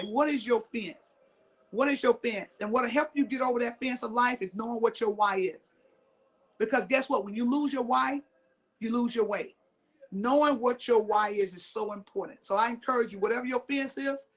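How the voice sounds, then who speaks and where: A middle-aged woman from Mississippi giving a motivational talk, emphatic, repeating her key lines and throwing questions at the audience. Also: fairly high pitch. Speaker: motivational speaker.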